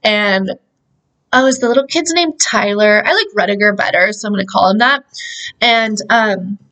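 A young woman hosts a podcast, recapping a movie in a chatty, profane way and saying "like" constantly. Her mid-range voice moves at normal speed with a fairly bright tone, though the recording is low quality.

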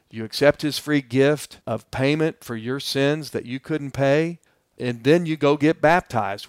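A man's voice: mid-range voice, clean tone, dry recording, studio quality. A male pastor giving a verse-by-verse Bible teaching, speaking earnestly and plainly to his listeners. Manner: earnest, addresses listeners directly; plainspoken and explanatory.

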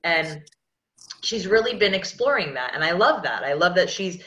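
Brief: woman in her 30s, podcast host, earnest and rambling, bright forceful tone, lower voice. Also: big pitch swings, normal speed. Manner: rambling, earnest, many restarts. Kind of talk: casual podcast conversation. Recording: echoey, dull lo-fi sound.

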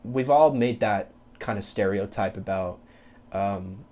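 A young man hosting a solo podcast, ranting bluntly and profanely about kids and school, with loud mocking quotes. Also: lowish voice, a little slow. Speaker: podcast host. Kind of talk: casual solo podcast rant.

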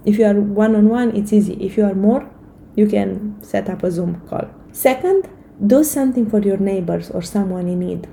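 A woman's voice: mid-range voice, normal speed, gravelly, mellow, a little hiss or hum, rough recording. A woman in her thirties giving an earnest, encouraging motivational talk to camera, with frequent fillers and restarts. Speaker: vlogger giving life advice.

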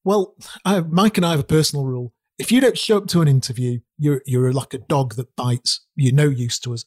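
A man's voice: medium pitch, brisk, dry recording, clean studio sound. A man co-hosting a casual business talk show, emphatic and repeating words for stress. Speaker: podcast co-host, recruiter. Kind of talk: casual chat.

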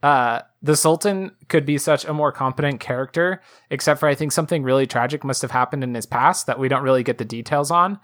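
A young woman with a notably low voice chats on a podcast, sarcastic and playful. She jokes and rants with animated energy about what she has watched. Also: fairly quick, hardly any pauses. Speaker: podcast co-host. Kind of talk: casual chat recapping a film.

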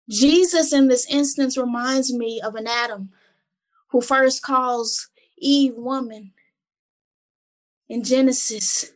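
A Bible study co-host with a higher voice speaks slowly with long pauses. She reads Bible verses and reflects on them earnestly and conversationally, often repeating words while she gathers her thoughts.

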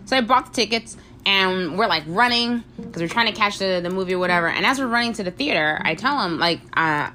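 A woman's voice: medium pitch, fairly quick, few pauses, faint music behind. A young woman casually telling a funny dating story, acting out the voices in the quotes. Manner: animated, acts out voices in quotes, frequent laughs.

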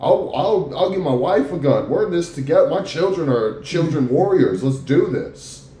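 A man trades blunt jokes on a podcast and swears freely. His pitch rises and falls a lot, and the room sounds echoey. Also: big pitch swings, moderate pace, dark tone. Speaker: podcast co-host. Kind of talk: casual podcast chat.

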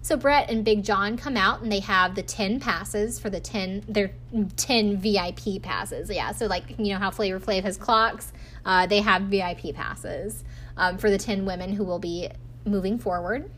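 A woman's voice: medium pitch, moderate pace, a bit bright, slight background noise. Chatty snarky woman recapping a show. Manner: chatty and snarky, acts out quotes in funny voices. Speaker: podcast host recapping a reality dating show. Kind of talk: casual recap chat.

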